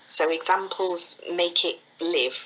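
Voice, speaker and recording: Fast-talking woman, bright voice. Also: fairly low pitch, lo-fi sound. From England. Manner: fast-talking, animated, laughs often. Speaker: guest, foot reading teacher. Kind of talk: conversational storytelling interview.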